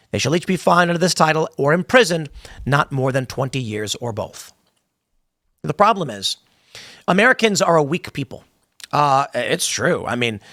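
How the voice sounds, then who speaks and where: Male pundit, high and bright, dry close sound, pushy delivery that trips over itself. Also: no room sound. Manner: emphatic, stumbles and repeats words, acts out quotes. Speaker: political commentator. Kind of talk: opinionated political commentary.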